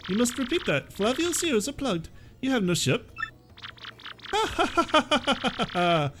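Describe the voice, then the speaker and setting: A man's voice: very high voice, background noise, full character voice. A man voicing a pompous, flamboyant merchant sailor in a vague, made-up foreign accent, reading game dialogue over music. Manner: grandiose, theatrical, vague foreign-sounding accent.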